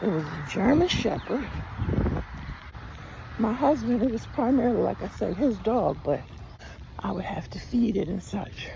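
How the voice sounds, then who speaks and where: Animated older woman telling a story outdoors. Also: fairly high pitch, creaky, slight background noise. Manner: animated, chatty, Southern-style storytelling. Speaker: vlogger. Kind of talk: storytelling while walking outdoors. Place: outdoors on a walk, rural road.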